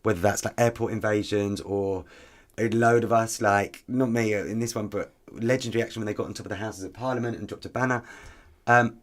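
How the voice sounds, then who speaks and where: Animated man telling stories. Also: fairly low pitch, brisk. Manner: animated storyteller with frequent ums. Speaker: activist guest. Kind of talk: conversational podcast interview.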